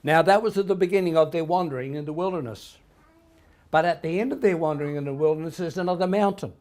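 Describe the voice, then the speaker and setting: A man preaching a sermon in a church, telling stories with emphatic swings in loudness. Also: fairly high pitch, fast talker. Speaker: pastor.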